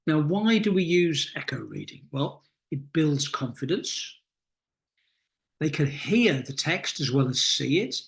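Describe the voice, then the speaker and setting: A middle-aged man coaching teachers in a recorded lesson, explaining reading techniques in a deliberate, instructive way with many pauses. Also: a little high. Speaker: teacher trainer.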